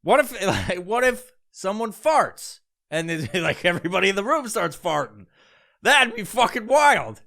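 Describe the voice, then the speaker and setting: A man's voice: high-pitched, big pitch swings, a little slow, vocal fry, pushed and bright. A man doing a profane, rambling comedic rant as a podcast host.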